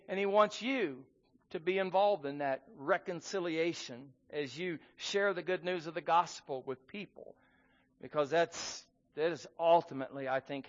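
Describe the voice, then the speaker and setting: A man preaching a sermon in an earnest manner, reading scripture aloud with rising emphasis. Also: a little high. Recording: muffled sound in a hall with long reverb.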